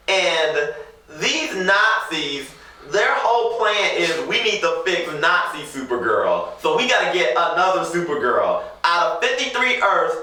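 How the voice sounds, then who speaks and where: A man co-hosting a casual TV reaction chat, animated and quick to laugh, heard from a distance in an echoey room. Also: fairly high pitch. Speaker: co-host.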